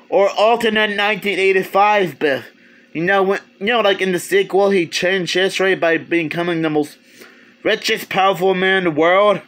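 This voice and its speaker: A man with a notably high voice talks through a movie review in a casual, unscripted way. He stumbles, restarts phrases and chuckles as he goes. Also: a bit bright. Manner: rambling, halting, many restarts, chuckles.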